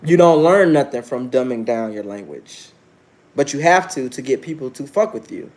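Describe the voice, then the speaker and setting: Brash man in his thirties, lively pitch. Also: moderate pace. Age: 30s. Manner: brash, preachy, challenges chat viewers directly. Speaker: livestream host. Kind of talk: casual livestream monologue.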